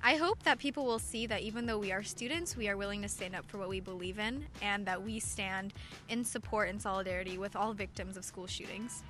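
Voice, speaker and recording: Earnest teenage girl, bright voice. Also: medium pitch, fairly quick, faint music behind. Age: teens. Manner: earnest, with filler uhs. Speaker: student walkout organizer. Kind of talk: interview answers.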